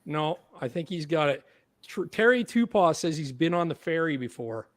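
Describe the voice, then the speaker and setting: A man's voice: fairly high pitch, lively intonation, normal speed. A man with a Canadian accent hosting a casual livestream chat, playful and laughing as he keeps score. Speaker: podcast host.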